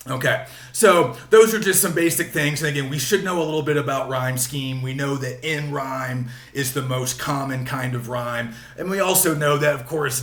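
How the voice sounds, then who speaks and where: A man's voice: mid-range voice, fairly bright tone, echoey room. A man giving a patient, explanatory literature lecture, repeating key points and using frequent fillers. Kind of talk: recorded classroom lecture.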